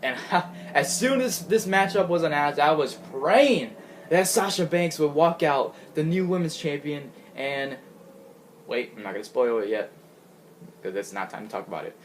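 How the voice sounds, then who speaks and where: Speaking at a normal speed in a voice on the high side, with slight background noise, a man casually recaps a wrestling show. He's chatty and giggly, rambling along and frequently starting his sentences over.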